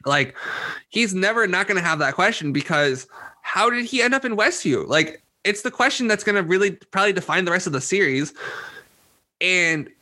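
A man's voice: high voice, lively intonation, normal speed, pushed and bright. A man co-hosting a casual podcast chat, swearing freely and talking in an opinionated, jokey way. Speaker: podcast co-host.

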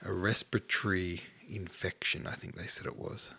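A man's voice: low-pitched, level tone, moderate pace, gravelly, bright, forceful tone, slightly rough. A man hosting a casual solo podcast, short of breath, rambling and offhand, sometimes sinking to a near-whisper. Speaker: podcast host.

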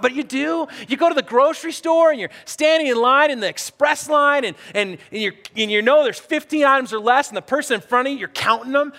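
A middle-aged male pastor delivers a sermon in a high, bright, forceful voice. He tells his stories with big swings, jumping to shouted outbursts and then dropping low and hushed. His words ring out with a long reverb through a church hall. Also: moderate pace.

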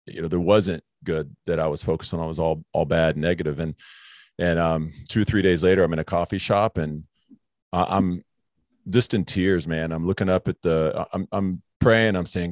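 A man's voice: deep voice, steady tone, moderate pace, dry recording, studio quality. A man hosting a casual faith conversation, telling a personal story earnestly and calling his guest bro. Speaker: podcast host.

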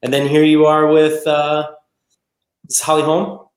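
A man's voice: a little high, monotone, unhurried, echoey room, poor audio. A man hosting a casual podcast interview, talking with an enthusiastic, conversational manner. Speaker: podcast host.

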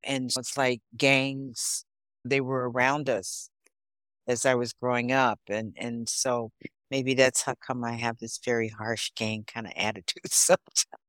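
Low-voiced woman from Chicago, chatting. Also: a little slow, no room sound. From Chicago, USA. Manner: storytelling, animated, laughs often. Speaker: podcast guest, therapist. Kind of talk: casual interview chat.

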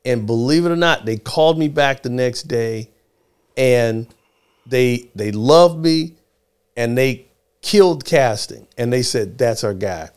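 In an unhurried, clean-toned, mid-range voice, a middle-aged guest and former child actor shares a childhood story during a casual conversation. He brings the characters to life animatedly, voicing their quotes in changing voices.

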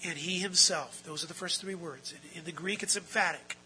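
A man preaching a sermon, emphatic, moving between quiet explanation and loud, drawn-out stresses. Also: a little high, a little hiss or hum, low-quality recording. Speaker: pastor.

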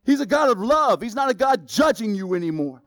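High-voiced man preaching a sermon. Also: sing-song, a little fast, dry recording. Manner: casual, conversational preaching that builds to loud exclamations. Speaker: pastor.

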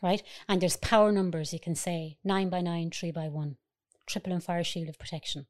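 A woman's voice: on the low side, steady tone, normal speed, a little mellow. A woman, a spiritual healer guest, explaining earnestly in casual chat and checking in with "right?".

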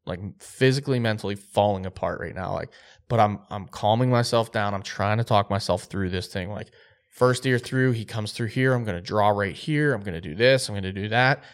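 A man with a lowish voice tells a hunting story on a podcast. He talks in an animated, excitable way, reliving each moment. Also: a little fast. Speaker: podcast co-host.

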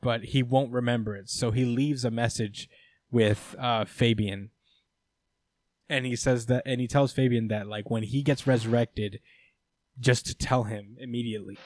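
A man co-hosting a casual podcast, recapping a comic storyline with plenty of laughter and offhand asides. His voice sits at an ordinary middle pitch, and the room is dry and close. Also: darkish tone, no room sound. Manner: laughing, rambling, quick character voices. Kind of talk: casual comedic recap chat.

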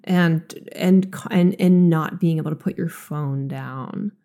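A woman's voice: low-pitched, slow, dark tone. A woman in her thirties with a slight lisp, co-hosting a casual podcast and talking bluntly with lots of swearing and filler words. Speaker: podcast co-host. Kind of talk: casual chat.

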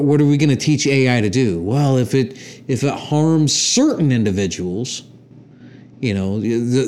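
A man in casual podcast talk, mid-pitched and conversational. He rambles through his opinions, swearing freely and restarting sentences as he goes. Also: darkish tone. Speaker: podcast co-host. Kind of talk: casual chat.

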